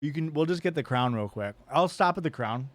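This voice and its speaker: A man's voice: a little high, animated, brisk, dry recording. Joking, foul-mouthed man streaming a game. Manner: hyped, joking, swears a lot at chat. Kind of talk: casual live-stream chat over gameplay.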